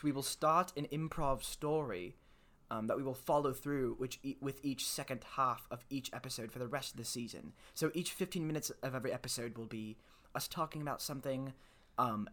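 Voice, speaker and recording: A rambling American man co-hosting a comedy podcast from his bedroom, his talk full of ums and jokes at his own expense. His pitch sits in a middle range for a man. He sounds like he is chatting with a friend. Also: brisk, hardly any pauses, fairly bright tone. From United States. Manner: rambling, filler-heavy, self-deprecating. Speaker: podcast co-host. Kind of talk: casual comedy podcast chat.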